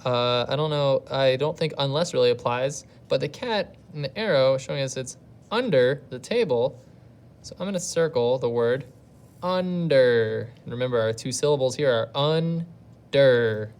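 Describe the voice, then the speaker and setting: A woman's voice: a bass voice, expressive, moderate pace, darkish tone. A woman teacher giving a recorded reading lesson to young pupils at home. She talks patiently and thinks aloud step by step. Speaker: elementary school teacher.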